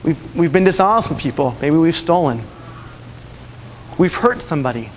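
A man's voice: fairly high pitch, very animated, normal speed, big-room sound, slight background noise. A man preaching a sermon, earnestly telling stories and repeating his key lines. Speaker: pastor.

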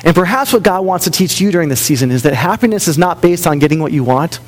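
A man's voice: on the high side, lively intonation, fast. Man preaching a sermon. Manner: storytelling, drops softer for tender quoted lines. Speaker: pastor.

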